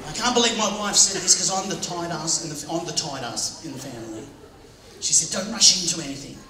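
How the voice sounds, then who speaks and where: A middle-aged man doing stand-up comedy, telling punchy stories and shouting announcements to the crowd. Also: a little high, very animated, fairly quick. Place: live comedy venue. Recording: echoey live hall from far off. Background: audience laughter.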